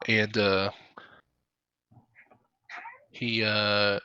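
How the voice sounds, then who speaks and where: A man narrating as dungeon master in a tabletop game, relaxed and halting with many fillers. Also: fairly low pitch, clean tone, no room sound, dull audio.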